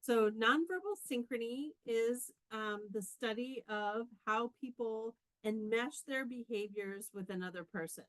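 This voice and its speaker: A middle-aged woman from Canada, a communication professor, giving a fast, explanatory conference lecture. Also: fairly high pitch, a bit bright, dry recording, poor audio.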